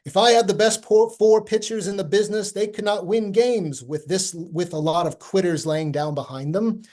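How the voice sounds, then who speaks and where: Guy doing a cranky old-timey ball club boss, high and hollow sounding, scolding his team like it's the 1890s. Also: moderate pace, a little mellow, close to an everyday voice. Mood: scornful. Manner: old-fashioned, scolding delivery. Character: old-timey 1890s male baseball owner, ranting at his players.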